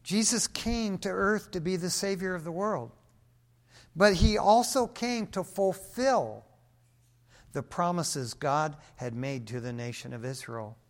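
A man's voice: sits high, unhurried. A male pastor preaching a sermon in a casual, slangy, emphatic way.

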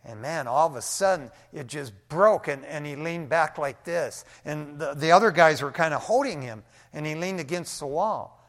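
An older man preaching a sermon, telling a testimony in an animated, folksy way and often dropping "man" into his sentences. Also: a little high, normal speed, hardly any pauses. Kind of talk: storytelling sermon. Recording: long hall reverb.

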